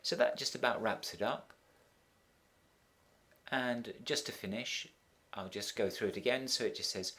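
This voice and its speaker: A middle-aged man with a fairly low voice explains a translation exercise step by step. He talks like a teacher at his desk, methodical and unhurried, with frequent ums and small restarts along the way. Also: a bit bright. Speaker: Spanish teacher.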